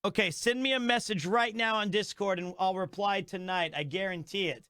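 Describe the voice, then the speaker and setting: A man's voice: high-pitched, moderate pace, bright, forceful tone, clear, resonant tone, no echo, clean studio sound. A man chatting casually on a live stream, enthusiastic and rambling, often restarting his sentences.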